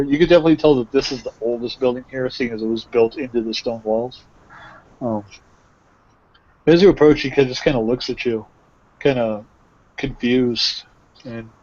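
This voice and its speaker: A man narrates a tabletop game as game master in a loose, rambling way. His voice is mid-pitched. The sound is dull and lo-fi, as over an online voice chat. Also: darkish tone. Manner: casual, rambling.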